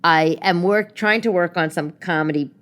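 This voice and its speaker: A chatty woman tells stories at home in a loose, rambling way, trailing off into side comments. Her voice sits a little low for a woman. She talks casually, like she is chatting with a friend in her living room. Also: a bit bright. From New York. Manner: chatty, rambling, self-interrupting with quick asides. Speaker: podcast host. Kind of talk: casual storytelling monologue.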